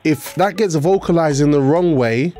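Male host, lively and laughing, higher register, faint music behind. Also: normal speed. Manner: animated, laughs often, bursts into sing-song. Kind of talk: casual chat.

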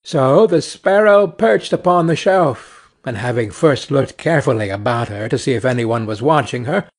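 A man narrating a fairy tale slowly and clearly for English learners. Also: fairly high pitch, a little mellow.

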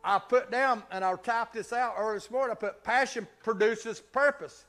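High, bright Kentucky preacher man. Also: fairly even intonation, brisk, faint music behind. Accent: Southern US, Kentucky. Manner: swings from loud, emphatic preaching to soft, near-whispered intimacy; laughs between phrases and drawls stretched key words. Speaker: pastor. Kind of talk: sermon.

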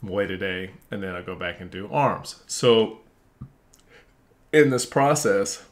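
A man talking alone to camera in a casual, blunt monologue, animated and swearing at times. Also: on the low side, slow pace. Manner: animated, mimics others in quoted voices, swears; frustrated and blunt when venting. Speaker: vlogger.

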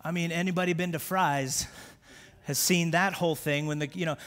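A male pastor preaching a sermon in a church. He is impassioned, swinging from shouted prayer to quiet, confiding talk. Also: a little high, steady tone, moderate pace. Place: church sanctuary. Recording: long hall reverb from a church.

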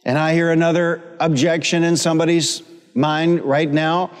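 In a church sanctuary, a middle-aged male pastor preaches with humor and repetition and invites the congregation to respond. His voice sits on the high side, with a flat delivery, normal speed, and a clean tone. Long church hall reverb fills the recording.

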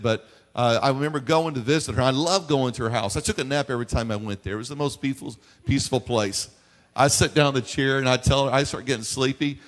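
A man preaching a sermon as pastor, moving between quiet storytelling and loud preaching in a church. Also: medium pitch. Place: church sanctuary. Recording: long church hall reverb.

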